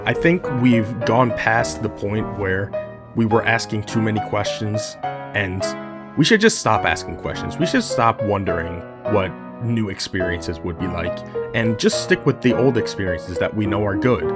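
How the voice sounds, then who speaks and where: Joking man over loud game music. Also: fairly low pitch, expressive, moderate pace. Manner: exasperated, joking asides to game characters. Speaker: gaming video host. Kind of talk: casual gameplay commentary.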